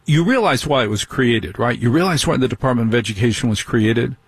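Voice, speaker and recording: A man's voice: mid-range voice, lively intonation, brisk, husky, no room sound. A middle-aged man hosting a talk radio show, delivering an indignant monologue full of rhetorical questions.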